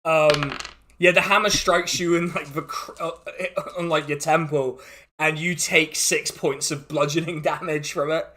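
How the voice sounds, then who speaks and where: Guy running a tabletop game, rambly, laughs a lot, bright voice a bit high. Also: fairly even intonation, a little slow. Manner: rambling, laughing, many restarts. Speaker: game master.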